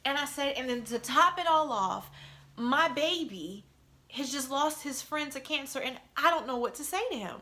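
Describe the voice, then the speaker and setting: A woman's voice: high voice, animated, normal speed, sharp tone. A middle-aged woman telling an emotional personal story in a conversational vlog, often checking in with "you know" and "right?".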